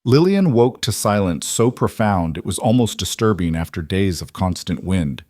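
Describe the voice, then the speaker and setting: A man calmly narrating a romance story in an even storytelling manner. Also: low voice, moderate pace, no room sound, studio quality. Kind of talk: scripted narration.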